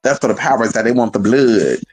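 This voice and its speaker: A man's voice: mid-range voice, fast, background noise. A man hosting his channel, ranting in a sassy, profane, swooping and emphatic way. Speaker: channel host. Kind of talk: casual rant to camera.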